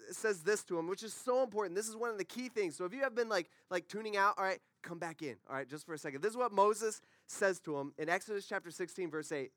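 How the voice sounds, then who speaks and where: A man's voice: sits high, fairly bright tone, dry recording, clean studio sound. A man preaching a conversational sermon, full of rhetorical questions and asides to the congregation.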